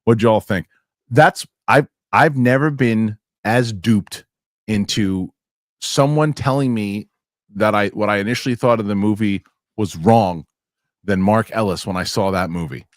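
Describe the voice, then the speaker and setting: A man hosting a casual podcast chat, telling lively anecdotes and acting out what other people said. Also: lowish voice, a little slow, dry recording, studio quality. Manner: animated storyteller acting out quotes. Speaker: podcast host.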